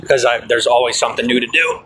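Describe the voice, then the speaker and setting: A man's voice: medium pitch, fairly even intonation, fast, fairly bright tone, slight background noise, low-quality recording. A man chatting casually and bluntly while walking down a city street filming a vlog, swearing freely. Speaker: vlogger.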